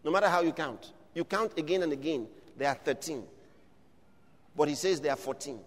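A man preaching a sermon, building from steady teaching to shouted declarations. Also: a little high, brisk, in a large hall.

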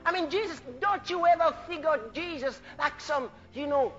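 A male preacher delivering a fervent sermon, shouting exclamations, laughing and acting out scripture voices. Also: very high voice, moderate pace, few pauses, long reverb tail. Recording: muffled lo-fi recording with faint music.

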